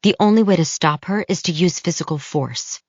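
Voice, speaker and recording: A woman narrates an audiobook in a measured, even storytelling manner. Her voice is low. She is close on the mic in a dry space, and the audio is a bit dull. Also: no echo. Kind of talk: scripted narration.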